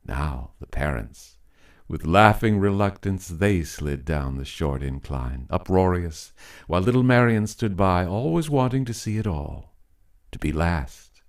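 A man narrating a written story in a measured, deliberate storytelling manner. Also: low voice, animated. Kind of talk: scripted narration.

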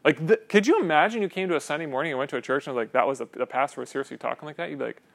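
A man preaching a sermon in an animated, joking way, asking his listeners questions. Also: fairly high pitch, racing, gravelly. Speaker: pastor.

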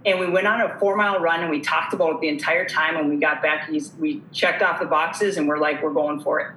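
A woman's voice: sits low, steady tone, fairly quick, fairly bright tone, reverberant, a little hiss or hum, low-quality recording. A woman guest telling her story earnestly, acting out the dialogue she quotes. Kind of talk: conversational storytelling.

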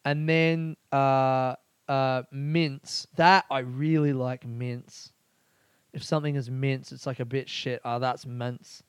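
Rambling, profane man, smooth dry voice. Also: medium pitch, steady tone, takes it slowly, no room sound. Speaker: podcast host. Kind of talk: casual solo podcast monologue.

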